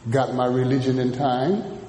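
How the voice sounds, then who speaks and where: A man preaching a sermon, dropping low and then rising to shouts as he mimics churchgoers. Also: little pitch movement, measured pace, slight background noise. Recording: echoey hall from a distance.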